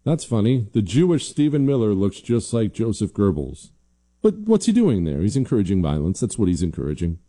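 A man hosts an opinionated commentary show. His voice is deep-set and very mellow, with no brightness at all. He drives his points home combatively, repeating lines for emphasis. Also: very animated, a little fast. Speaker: political commentary host.

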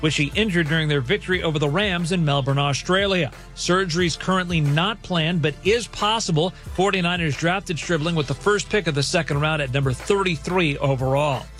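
A man reading a scripted sports news update in a brisk, measured manner. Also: fairly high pitch, a bit bright, faint music behind.

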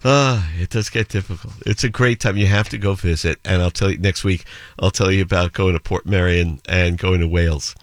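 Low-voiced older man radio host, dry studio sound. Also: steady tone, a little fast, dry recording. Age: 70s. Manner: chatty storyteller, slips into playful accent imitations. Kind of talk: radio show chat with listener shout-outs and anecdotes.

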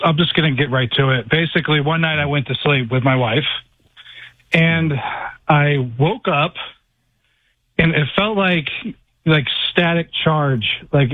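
A man calling in to a radio show, telling a personal story in a halting, rambling way, full of "like" and restarts. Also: mid-range voice, dry recording. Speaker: caller. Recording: tinny phone line.

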